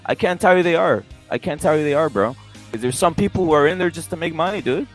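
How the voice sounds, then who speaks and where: A man's voice: fairly high pitch, lively intonation, quick pace, soft background music. A man on a heated livestream discussion who keeps cutting in and repeating himself. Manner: interjecting, repetitive, says "bro" constantly. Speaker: livestream co-host.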